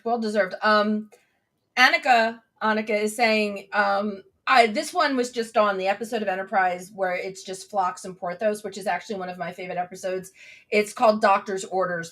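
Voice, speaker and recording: A woman hosts a relaxed interview over a video call. Her voice sits in a medium pitch, and she reacts to her guest with eager enthusiasm. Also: a little fast. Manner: enthusiastic, reacts with laughs and gasps. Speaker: host. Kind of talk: casual interview chat.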